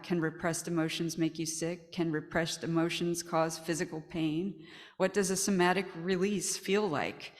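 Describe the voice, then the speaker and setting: Woman reading questions deadpan, lowish voice, long echo from a big room. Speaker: performer at a reading. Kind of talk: deadpan recitation of search questions. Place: gallery reading event. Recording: long hall reverb.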